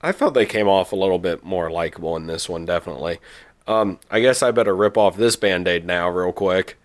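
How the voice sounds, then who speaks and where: A man's voice: sits low, a little fast. A man, a podcast host, telling a long rambling story in casual chat and laughing often.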